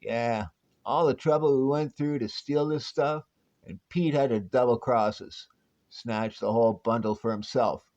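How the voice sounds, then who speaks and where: A man voicing a greedy, blunt male crook with rough tough-guy talk, on a dull lo-fi recording. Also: mid-range voice, unhurried, a little mellow, natural voice. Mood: grumbling.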